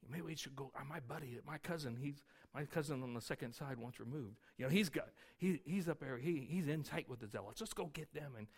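Man playing resentful young man, muttering, hushed, half-whispered grumbling. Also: medium pitch, fairly quick, gravelly, breathy edge. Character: resentful young Jewish man grumbling under his breath.

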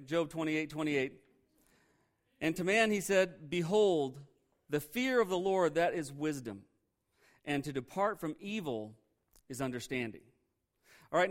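A male pastor preaching a sermon in a conversational way, asking the congregation questions and laughing at himself now and then. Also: mid-range voice.

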